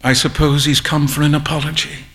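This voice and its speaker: Male reader playing a sulky young gentleman; sheepish, bright, grumbling. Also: a little high, little pitch movement, fairly quick, close to an everyday voice.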